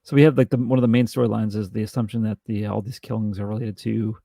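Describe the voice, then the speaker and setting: A man with a low, gravelly, mellow voice talks casually through a film review, wandering through his thoughts with many restarts. The sound is dry and close. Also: flat delivery, quick pace, no room sound. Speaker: podcast co-host.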